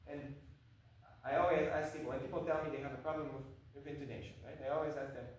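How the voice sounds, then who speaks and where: A man's voice: mid-range voice, steady tone, fast talker, a little hiss or hum. A man teaching a viola masterclass, talking emphatically and checking in with the student again and again. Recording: very echoey room, mic far off.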